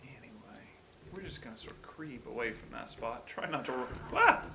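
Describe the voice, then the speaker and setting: A man talking through a video game as he plays, mostly murmured, self-deprecating musing that breaks into startled yelps. His voice sits at an ordinary middle pitch. Game ambience plays clearly underneath him. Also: a little fast, background noise. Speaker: let's-play host. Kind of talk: gameplay commentary.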